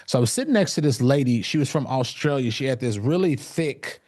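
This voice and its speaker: A man's voice: mid-range voice, expressive, fairly quick, darkish tone. A man speaking at an event and telling his own story as a motivational talk, with many fillers and restarts. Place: event stage.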